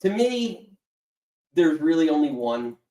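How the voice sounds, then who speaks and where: A podcast host chatting in a relaxed, reflective way and posing the topic question. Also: mid-range voice, slow pace, far from the mic. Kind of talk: casual chat. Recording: echoey room, off mic.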